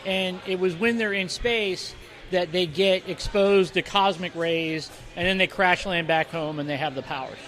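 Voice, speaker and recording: High-voiced rambling man in casual chat. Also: moderate pace, a bit bright. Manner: rambling, many fillers and restarts. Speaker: podcast co-host. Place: corner of a bar.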